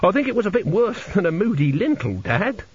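Guy putting on a higher-pitched nervous young engineer, earnest and hesitant, husky, dull lo-fi sound. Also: big pitch swings, fairly quick, no room sound, heavily acted. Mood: earnest, anxious. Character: anxious, polite young man, an engineer.

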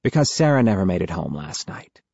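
A man's voice: deep voice, very animated, brisk, creaky, darkish tone, slightly rough, dry recording, dull audio, full character voice. A man voicing a cool, steely female federal agent in an audiobook, speaking in a clipped, official way.

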